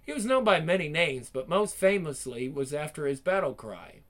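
A man's voice: a little high, lively intonation, moderate pace, close to an everyday voice. A man voicing a small, pedantic know-it-all robot in a one-man game fan dub. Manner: pedantic, reciting definitions.

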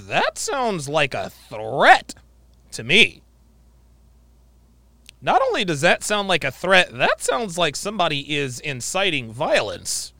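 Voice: medium pitch, pushed and bright, dry recording. A host reacting with sarcastic, teasing commentary.

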